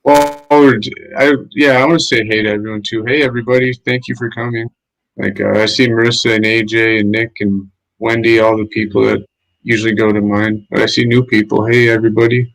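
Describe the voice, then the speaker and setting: A man's voice: lowish voice, flat delivery, brisk, gravelly, fairly bright tone, poor audio. A man chatting casually on a home livestream, laid-back and chatty, leaning on "like" a lot. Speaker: guest streamer. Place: home, living in Lima. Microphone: streaming mic setup.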